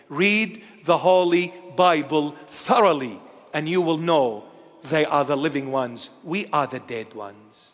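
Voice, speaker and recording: A man of Assyrian heritage preaching a sermon, telling stories in an animated way that swings between loud declarations and hushed asides. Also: on the high side, slow pace, big-room sound.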